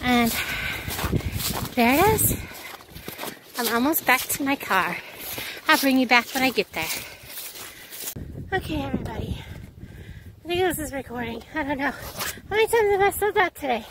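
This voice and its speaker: A woman's voice: high voice, animated, normal speed, long pauses, background noise. A woman talking casually to viewers on an outdoor walk, out of breath and rambling as she goes. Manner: chatty, rambling, self-narrating. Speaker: vlogger. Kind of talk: casual walking vlog. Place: outdoors on a rural hill, then in her car.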